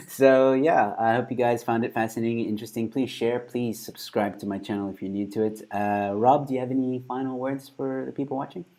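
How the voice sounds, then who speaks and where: A man's voice: medium pitch, darkish tone. Male host, upbeat sign-off, lots of ums. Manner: upbeat, filler-heavy presenter talk. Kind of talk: interview wrap-up and sign-off.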